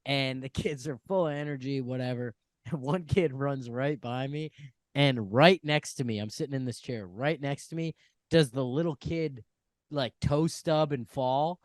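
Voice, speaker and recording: A man's voice: medium pitch, a little slow, no room sound, clean studio sound. A young man co-hosting a comedy podcast, rambling through stories and laughing often. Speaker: podcast co-host. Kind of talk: casual comedic chat.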